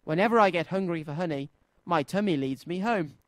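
A man doing a gentle, simple-minded storybook bear. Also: a little high, no room sound, lightly acted. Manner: slow, mild.

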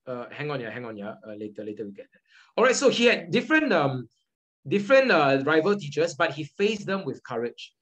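A man's voice: fairly high pitch, big pitch swings, fairly quick, fairly bright tone, low-quality recording. Malaysian man tutoring on a video call. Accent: Malaysian English. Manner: repetitive, patient teaching with frequent "okay" and "all right". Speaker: Buddhist study group tutor. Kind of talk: online tutorial lecture.

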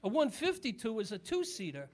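High-voiced older man, rambling and easygoing. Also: huge pitch swings, a little fast. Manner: easygoing, rambling, chuckles between lines. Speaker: guest musician and entertainer. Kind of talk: casual interview chat.

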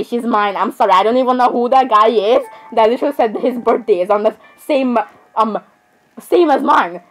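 A woman's voice: sits high, low-quality recording. A woman giving casual gameplay commentary, chatty and playfully sarcastic, laughing often. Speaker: gamer.

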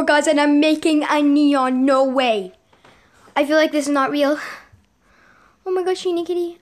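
A young girl giving excited commentary while playing a game at home, often repeating exclamations. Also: sits high. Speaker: gaming vlogger. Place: home with a sibling gaming nearby.

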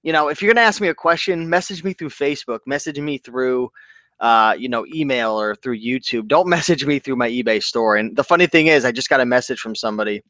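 A man hosting a casual livestream about online reselling, upbeat and chatty, giving shout-outs to viewers. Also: medium pitch, fairly quick, dry recording.

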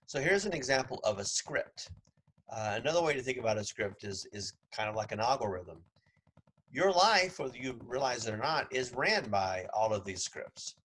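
A man's voice: medium pitch, lively intonation, moderate pace, a bit bright, a little hiss or hum, poor audio. A man giving a casual classroom lecture as a psychology professor, chatty, with sarcastic asides and frequent fillers.

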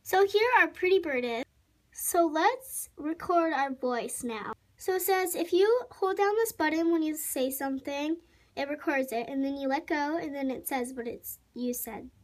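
A woman casually unboxing a toy, gushing over how cute it is and filling pauses with lots of ums, recorded on a phone. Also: high voice. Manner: hesitant, full of ums, gushing over cuteness. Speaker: toy reviewer. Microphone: phone camera.

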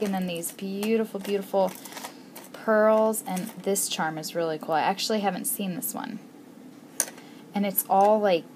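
A woman's voice: mid-range voice, darkish tone. A woman vlogger unboxing a crafting package, gushing with gasps and exclamations. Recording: noisy home recording.

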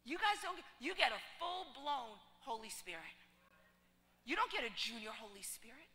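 A woman pastor preaches to children, acting out every voice in her story as she goes. Her delivery drops to a hush and then rises to loud calls. Her high, very bright voice rings through a large, echoey hall. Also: normal speed. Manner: animated, acts out dialogue, swings from hushed to loud.

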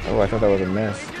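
A man giving casual, excitable commentary while playing a snowboarding game, swinging between mutters and shouts. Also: lowish voice. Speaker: gaming YouTuber. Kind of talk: casual let's play commentary. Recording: game music behind.

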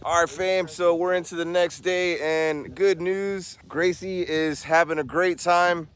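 A young man vlogging casually around his farm and new house, chatting, laughing often and using high baby talk with the animals. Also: fairly even intonation, unhurried, a bit bright, a little hiss or hum. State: soaked from rain. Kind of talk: casual vlog narration. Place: outdoors on a farm, and a house under construction.

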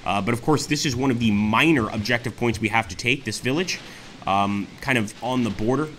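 Excitable man narrating a war game. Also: medium pitch, fairly quick, a little hiss or hum. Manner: excitable, exclaims often, addresses viewers as guys. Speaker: gaming channel host. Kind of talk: let's play commentary.

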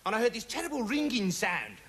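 A man's voice: sits high, huge pitch swings, a little fast, exaggerated voice. An actor playing a dim young male amateur investigator who rambles through a comic monologue with pointless asides. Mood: rambling. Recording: loud studio audience laughter, noisy broadcast. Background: studio audience laughing.

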